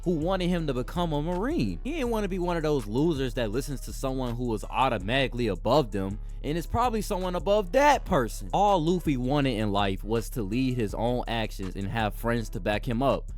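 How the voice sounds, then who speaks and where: A young man narrates a scripted anime video essay in an easy, mid-range voice. He is casual and enthusiastic and drops slangy asides to his viewers. Faint music plays quietly underneath. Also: mid-range voice, lively intonation, fairly quick, few pauses. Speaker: anime commentary channel host.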